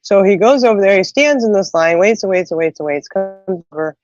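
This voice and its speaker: With faint music behind her, a middle-aged woman in the host's seat talks briskly in a mid-range voice. She retells ordinary stories with lively energy and lots of tangents, and the recording sounds dull and a bit muffled.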